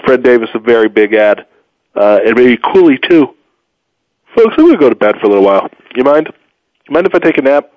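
A man hosting a solo sports talk show, opinionated and rambling, with sudden pitch jumps and a tired edge. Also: big pitch swings, a little fast, long pauses, dry recording. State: tired, low energy. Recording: dull muffled dry sound.

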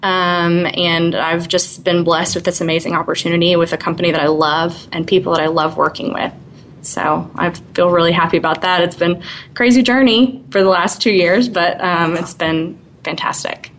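A woman's voice: lowish voice, steady tone, moderate pace, a bit bright, slight background noise, low-quality recording. A woman in her twenties telling her story as an interview guest, chatty with frequent little laughs and fillers.

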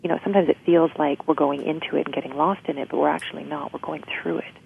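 A woman's voice: low-pitched, fairly even intonation, fast talker, gravelly, a little hiss or hum. A woman guest explaining emotional healing in an interview, often checking in with "right?". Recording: tinny phone-like line.

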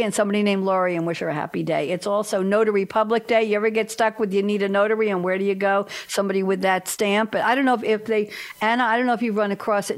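Chatty woman hosting a panel. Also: medium pitch. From lives in Tennessee. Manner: chatty, playful, spells out web addresses. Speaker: host. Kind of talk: casual chat.

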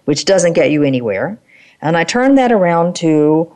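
A woman's voice: fairly low pitch, very animated, moderate pace, mellow. A woman hosting an interview, affirming and summing up her guest's points. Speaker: interview host.

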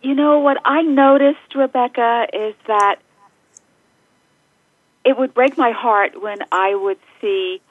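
A woman's voice: a little high, slow pace, long pauses, dry recording. A middle-aged woman, a joy and empowerment facilitator, speaking as a podcast guest in an effusive, heartfelt way. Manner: effusive and heartfelt, laughs often. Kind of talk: interview conversation. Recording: tinny phone line.

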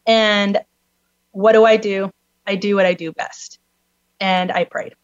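A woman telling a personal story, animated and swinging her pitch up high when she mimics the people she met. The recording is dull and a little lo-fi. The sound is dry and close, with no room around her. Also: a little slow, clean tone, no room sound. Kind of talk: personal story told in conversation.

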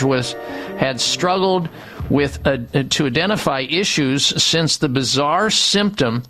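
A man's voice: on the high side, pushed and bright. Male radio health show host. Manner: reading ad copy, repeating phone numbers slowly. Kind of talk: radio talk with read ads.

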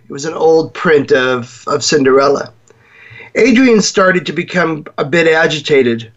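A man hosting a show, telling a story in a lively way and acting out the voices of the people in it. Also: fairly high pitch, moderate pace, dull audio. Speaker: host. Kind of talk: storytelling talk.

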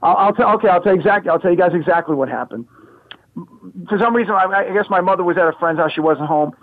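A man in his fifties telling a childhood story as a guest, animated and repeating his words. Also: sits high, fast, no room sound. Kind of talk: casual storytelling. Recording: phone-like radio line.

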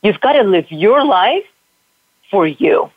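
A woman's voice: medium pitch, very animated, takes it slowly, no echo, narrow, tinny audio. A woman guest and spin instructor, talking bluntly with plenty of swearing about tough love and self-worth. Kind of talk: candid interview conversation.

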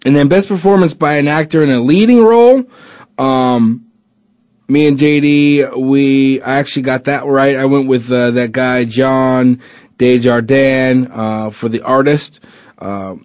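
A man's voice: mid-range voice, unhurried, a little mellow, dry recording. Chatty guy hosting, lots of uhs and restarts, dry dull lo-fi sound. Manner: rambling, many fillers and restarts; chatty and joking. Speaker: podcast host. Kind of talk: casual chat. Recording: dull lo-fi recording.

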